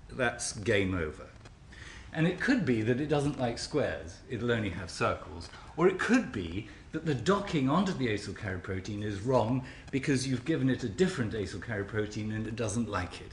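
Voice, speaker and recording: A man delivers an academic lecture at an ordinary, middle pitch. His speech stops and restarts often, with repeated small words and a dry wit. The talk is captured in an echoey hall with a faint background hum. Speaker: scientist giving a symposium talk.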